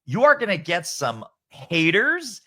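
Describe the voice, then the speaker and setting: A man's voice: sits high, huge pitch swings, measured pace, sharp tone. A man as a podcast guest author, speaking emphatically and rattling off lists of points. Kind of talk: podcast interview.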